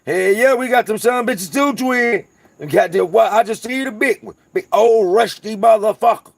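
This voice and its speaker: On his channel's casual livestream, a North Carolina host with a Southern accent talks profanely and rambles through stories to his viewers. His voice is high with vocal fry, his pace moderate, and there's no echo.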